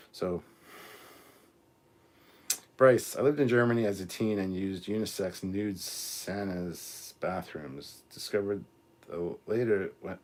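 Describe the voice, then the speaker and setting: A man hosting a live stream, reading out chat comments in a casual, crude way with plenty of swearing. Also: sits low. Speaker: host.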